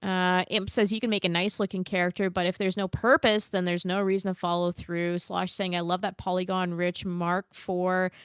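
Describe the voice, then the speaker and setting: A woman's voice: on the low side, little pitch movement, moderate pace, few pauses, clear, resonant tone, dry recording, clean studio sound. A woman co-hosting a podcast, casually reading viewer comments aloud and reacting bluntly with swearing. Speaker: podcast co-host reading chat. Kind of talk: casual chat.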